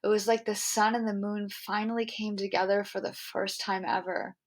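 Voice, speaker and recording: A young adult woman hosting a podcast, telling a personal story in an earnest, animated way, full of "like" and "um". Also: medium pitch, moderate pace. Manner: earnest, animated, heavy use of "like" and "um". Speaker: podcast host.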